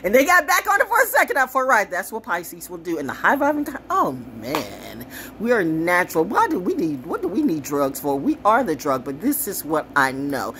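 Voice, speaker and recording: A woman talking casually to camera in an animated, rambling way, profane and sassy, jumping from story to story. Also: on the low side, normal speed, slight background noise. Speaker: commentator.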